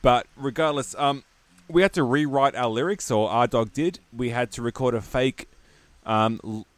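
A man's voice: medium pitch, moderate pace, no echo. A man chatting on a band's commentary track, rambling earnestly with many fillers, recorded in a shed. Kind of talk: casual chat. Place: backyard shed.

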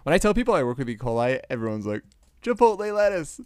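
A podcast guest, a man with a smooth, radio-style voice. He talks in a chatty, self-mocking way and laughs often. His voice sits dry and close, with no room sound around it. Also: mid-range voice, very animated, racing, no room sound. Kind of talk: casual podcast chat.

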